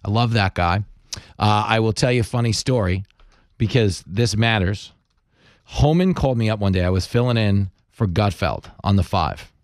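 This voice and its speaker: A man hosting a radio talk show, chatting casually and telling stories with self-mocking jokes and quick asides. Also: lowish voice, dry recording, clean studio sound. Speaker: radio host. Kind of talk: casual chat and storytelling.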